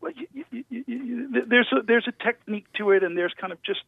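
A man, a guest actor, telling stories over the phone in a casual interview, with animated storytelling and stammering restarts. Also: very high voice, fast talker, vocal fry, no room sound. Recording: tinny phone line.

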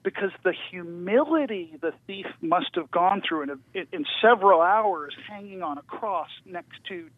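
A man, a guest actor, telling stories over the phone in a casual interview, with animated storytelling and stammering restarts. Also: high voice, moderate pace, hardly any pauses, no echo. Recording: tinny phone line.

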